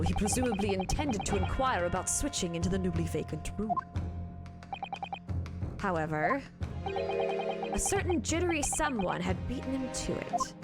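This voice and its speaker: A woman voicing a calm, sharp young male defense lawyer who lays out his reasoning in a measured way. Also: mid-range voice. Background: loud game music.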